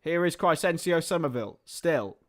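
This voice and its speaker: His voice is a little high and his pace is normal. He's a young man hosting a football watchalong live, narrating the play, wandering off into chatty asides, and getting fired up when chances arrive.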